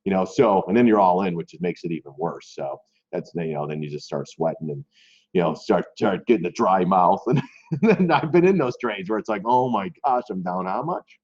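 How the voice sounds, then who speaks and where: Middle-aged male trading-stream host, low voice, loose and rambling, muffled lo-fi audio. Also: expressive, a little fast, a little mellow, breathy edge. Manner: loose, rambling, repeats words, talks straight to viewers. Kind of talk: casual live stream commentary.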